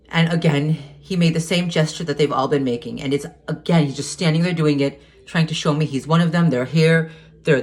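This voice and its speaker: A man talking to camera in a casual monologue, agitated and hesitant, stumbling over restarts and repeated words and swearing heatedly. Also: fairly high pitch. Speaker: vlogger.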